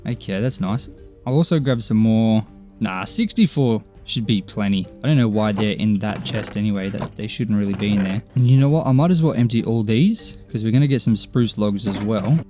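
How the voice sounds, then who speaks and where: Young male gamer voice-over, relaxed mellow tone, easygoing self-mocking chatter over faint music. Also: on the low side, brisk. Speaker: gaming YouTuber. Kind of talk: casual gameplay commentary.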